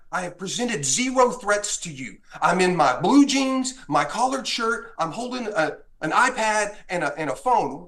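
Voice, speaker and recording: A man from Texas, a guest on a podcast, telling a story with feeling and acting out what was said. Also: sits high. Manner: animated, acts out dialogue in the story. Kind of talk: casual storytelling.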